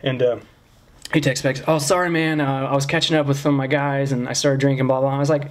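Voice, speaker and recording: A young man casually telling a profane, animated story on a podcast and acting out quoted voices. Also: mid-range voice, quick pace. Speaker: podcast co-host.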